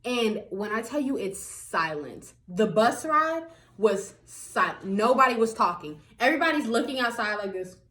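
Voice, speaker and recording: A young vlogger shares a story directly with her audience, her high-pitched voice roaming widely with lively intonation at a normal pace. The sound is a bit bright, and she laughs a lot while repeatedly addressing them as y'all.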